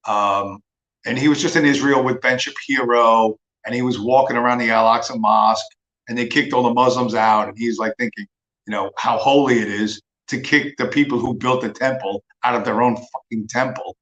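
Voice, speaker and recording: A man's voice: mid-range voice, fairly even intonation, normal speed, a bit bright, roomy sound, rough recording. A man hosting a livestream, talking in a sarcastic, profane, mocking rant. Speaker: livestream host. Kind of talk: casual ranting monologue.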